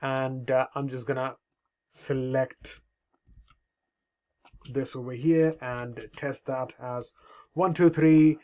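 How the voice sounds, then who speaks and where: A man presenting a software walkthrough, talking in an unhurried way with many fillers. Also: medium pitch, level tone. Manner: unhurried, many fillers, repeats "over here". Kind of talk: screen-recorded software walkthrough.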